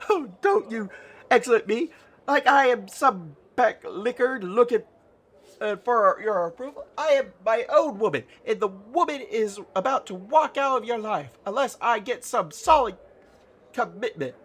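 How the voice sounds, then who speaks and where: A man's voice: sits high, expressive, measured pace, pitched above the performer's own voice, heavily acted. A man voicing a timid, sweet little woman who talks in a meek, pleading, apologetic way. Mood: mock scolding. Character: timid sweet tiny woman, gentle and anxious.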